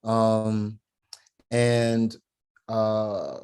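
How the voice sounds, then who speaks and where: A man's voice: lowish voice, little pitch movement, drawn-out words, a little mellow. Emphatic, slangy man telling stories. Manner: punctuates points with "right?". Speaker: podcast guest, founder of a men's program. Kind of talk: animated storytelling, casual talk.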